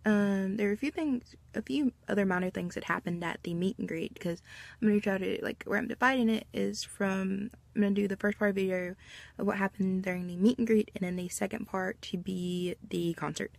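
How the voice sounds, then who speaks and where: A woman's voice: medium pitch, fairly even intonation, a little fast, gravelly, a little mellow, rough recording. A woman, telling a rambling story to camera at home with lots of fillers. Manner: rambling and chatty, with many fillers and restarts. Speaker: vlogger.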